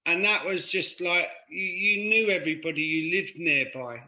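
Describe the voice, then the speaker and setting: A man's voice: a little high, moderate pace, pushed and bright. A man with a London accent, raised in London after being born in Ireland, telling stories as a podcast guest in a rambling, casual way. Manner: rambling, often asks "do you know what I mean". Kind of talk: casual conversational storytelling. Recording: dull lo-fi sound.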